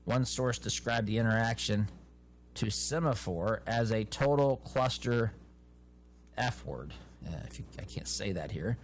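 A man hosting a political commentary show, reading news reports aloud and adding his own opinionated, animated remarks, often restarting phrases. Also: on the low side, measured pace, a little hiss or hum.

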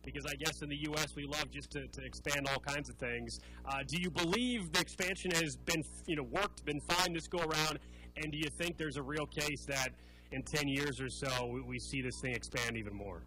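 Slightly higher male host, casual, brisk wrap-up questioning. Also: pushed and bright, low-quality recording. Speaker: podcast host.

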